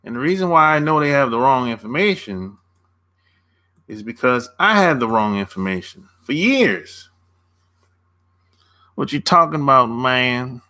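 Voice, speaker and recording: A man's voice: medium pitch, sing-song, moderate pace, pushed and bright. A man coaching on dating in a casual livestream, laid-back, chuckling often and answering viewers' chat by name.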